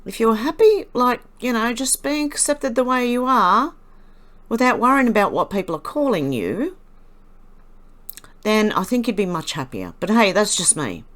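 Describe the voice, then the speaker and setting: A woman's voice: fairly high pitch, very animated, moderate pace, fairly bright tone. A woman from Australia hosting reaction commentary, chatty, wry and a little condescending. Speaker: commentary channel host.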